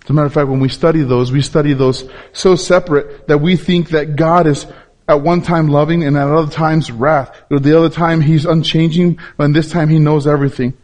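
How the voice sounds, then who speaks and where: A man preaching a sermon, stressing key words by repeating them and dropping low and slow on important points. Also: fairly even intonation, a little mellow.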